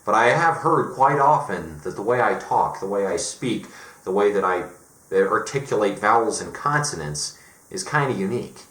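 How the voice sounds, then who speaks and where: A man's voice: on the low side, lively intonation, moderate pace, fairly bright tone, reverberant, rough recording. A man from Denver delivering an opinionated, sarcastic monologue, swearing as he goes. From Denver, Colorado. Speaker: vlogger.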